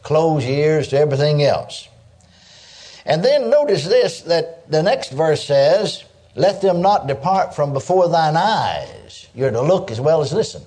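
An older man preaching a sermon in a folksy, animated way, dropping in frequent exclamations of praise. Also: on the high side, measured pace.

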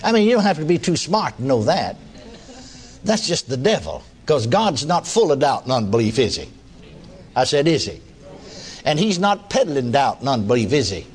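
Man, preacher, sermon storytelling, folksy, chuckling, lively pitch. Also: normal speed. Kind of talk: sermon testimony.

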